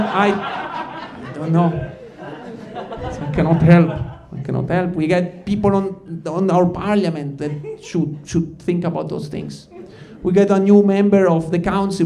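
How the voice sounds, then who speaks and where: A man's voice: high-pitched, creaky, darkish tone. A man from Ticino, Switzerland, performing a stand-up comedy set on stage, rambling and stopping himself mid-sentence as he talks to the crowd. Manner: rambling, self-interrupting, addresses crowd as guys. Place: comedy stage before a live audience.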